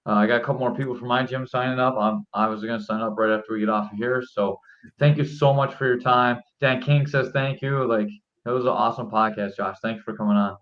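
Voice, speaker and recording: A man hosts a podcast and speaks at a middling pitch, relaxed and upbeat as he plugs a sign-up. His audio sounds dull and lo-fi. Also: quick pace. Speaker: podcast host.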